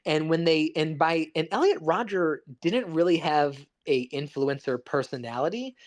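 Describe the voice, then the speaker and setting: A man's voice: fairly high pitch, animated, normal speed. A man co-hosting a podcast, talking through a film in a loose, rambling, analytical way with lots of restarts. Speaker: podcast co-host. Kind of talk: casual film discussion.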